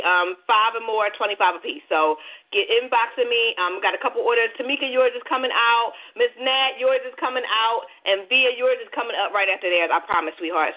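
A sassy woman host talks straight to her audience with lively energy. Her voice is mid-pitched for a woman and comes through narrow and phone-like. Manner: sassy, animated, addresses listeners directly. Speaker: radio show host. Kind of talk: casual phone-in talk radio. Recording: phone-like, lo-fi sound.

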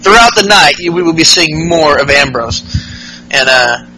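A man's voice: on the high side, animated, moderate pace, bright, forceful tone, poor audio. A male podcast host recapping wrestling casually, rambling and profane, with lots of fillers.

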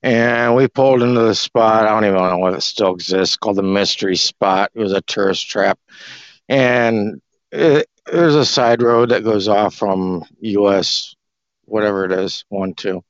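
A man on a group call, rambling loosely through an explanation and a story, clearing his throat now and then. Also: on the low side, moderate pace, no echo. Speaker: discussion group participant. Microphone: call audio. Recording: dry, dull lo-fi call audio.

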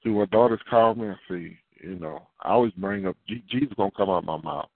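A man's voice: on the low side, fairly quick, vocal fry, no room sound. Man pastor, casual sermon, acts out voices, dry tinny phone sound. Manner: animated, acts out dialogue, repeats himself. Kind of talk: preaching sermon.

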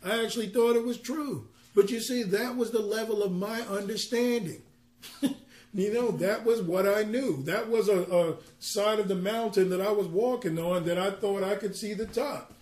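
A man ministering a sermon, reading scripture slowly and then explaining it in an earnest, conversational way with personal asides. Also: sits high, darkish tone. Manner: reads scripture slowly in King James wording.

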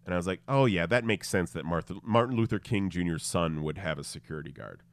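A man's voice: deep voice, quick pace, dry recording. A man hosting a podcast, telling a story in a casual chat, acting out the voices and laughing often. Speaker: podcast host.

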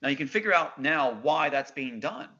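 A man's voice: a little high, expressive, moderate pace, crowd noise. A middle-aged man as an interview guest, telling his story in an intense, insistent way and quoting others' words. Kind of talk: emotional storytelling. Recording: dull lo-fi sound.

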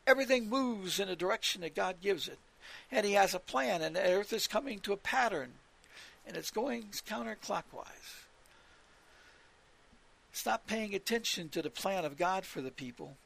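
A man's voice: high-pitched, lively intonation, moderate pace, gravelly, a bit bright. A man preaching on scripture, repeating his points with emphasis and citing verses as he goes. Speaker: religious radio teacher.

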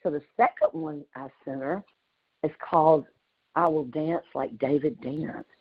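A woman, telling an animated story with exclamations on a group call. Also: low-pitched, unhurried, gravelly, breathy edge, narrow, tinny audio. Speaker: community call participant.

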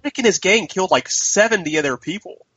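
Male co-host, bright tone, playful banter; dry, dull line audio. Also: high-pitched, expressive, brisk, breathy edge, dry recording. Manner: joking, does mock impressions. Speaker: podcast co-host. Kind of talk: casual chat.

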